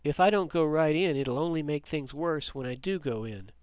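A man's voice: a little high, animated, moderate pace, darkish tone, dry recording, lightly acted. A man voicing an anxious teenage boy. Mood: uneasy. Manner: anxious, hesitant. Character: frightened, confused teenage boy.

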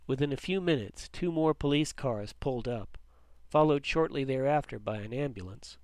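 A man reading a story aloud in a steady, measured way. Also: medium pitch, no room sound. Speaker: narrator.

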